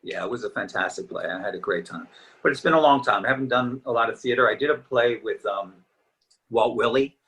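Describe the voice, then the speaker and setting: In a low-quality recording, a middle-aged actor reminisces as an easygoing guest in a casual interview, sounding a little worn from talking. His voice is medium-pitched and fairly bright, and he talks briskly.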